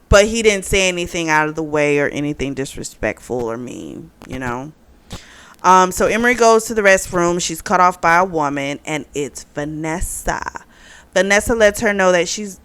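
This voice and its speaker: A woman's voice: lowish voice, fairly bright tone, clean tone. A woman casually recapping a romance novel for her book channel, chatty and full of fillers. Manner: chatty, retells plot with many fillers. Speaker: book reviewer.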